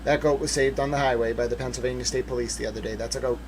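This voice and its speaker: A man's voice: mid-range voice, rapid-fire, slight background noise. A man hosting a casual livestream, talking through documents and joking playfully with his chat. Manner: chatty, playful, emphatic when excited. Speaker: livestream host.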